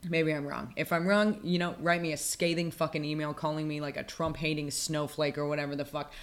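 A woman's voice: low-pitched, level tone, fairly quick. A woman co-hosting a casual podcast chat, ranting with heavy profanity and sarcasm. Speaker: podcast co-host.

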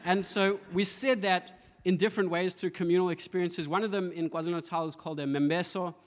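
Guy preaching a sermon, kinda high voice, lots of hall reverb, jokes around telling stories. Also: steady tone, brisk. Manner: storytelling with playful voiced asides and laughter. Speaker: pastor.

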